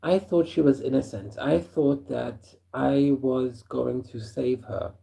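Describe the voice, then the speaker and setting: Guy telling his own wild story, chuckly and animated, deep mellow tone with some fry. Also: slow. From South Africa. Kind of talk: first-person storytelling.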